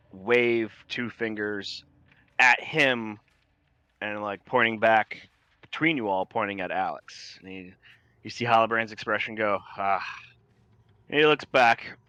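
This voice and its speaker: Bright-voiced man narrating a tabletop game. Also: lowish voice, a little slow, clean tone, no echo. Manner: casual, descriptive. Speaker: game master.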